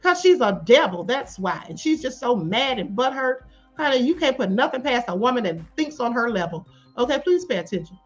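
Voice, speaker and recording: Sassy woman streamer, high voice, slightly dull sound with faint music behind. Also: brisk. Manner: sassy, animated, calls viewers beloved and honey. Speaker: live stream host. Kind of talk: live commentary reading chat.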